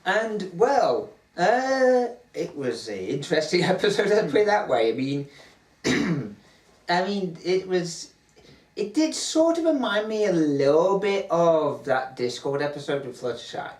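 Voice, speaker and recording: A man's voice: high voice, very animated, a little slow, a little mellow, recorded from a distance. A man with an East Midlands accent, co-hosting a casual reaction chat and rambling through restarts. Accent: East Midlands English. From England, Nottingham area. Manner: rambling, many restarts and hedges. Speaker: co-host of a reaction show. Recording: roomy sound from off the mic.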